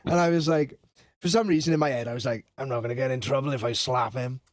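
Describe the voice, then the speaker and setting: A man's voice: medium pitch, quick pace, no room sound, clean studio sound. A man, telling crude school stories in a casual podcast chat, laughing and swearing as he goes. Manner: swearing, laughing, self-mocking anecdotes. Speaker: podcast co-host.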